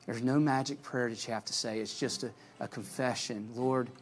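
A pastor giving a sermon, earnest, rising to loud calls and dropping to soft pleading at the altar call. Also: male voice, medium pitch, fairly even intonation, fairly quick, soft background music.

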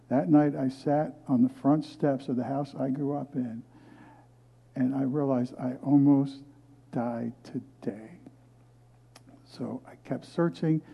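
Dull audio captures a fairly high male voice as an older guest pastor tells his life story from the pulpit of a movie theater turned church. His sermon testimony is earnest and storytelling in style, punctuated by frequent restarts.

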